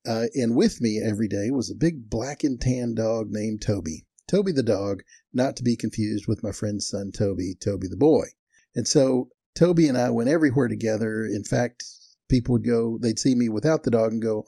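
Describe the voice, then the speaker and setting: A man's voice: lowish voice, dark tone, no room sound, studio quality. An older man telling stories in a casual, folksy way, chuckling as he talks and livening up when he quotes people. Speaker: storyteller. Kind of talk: casual storytelling.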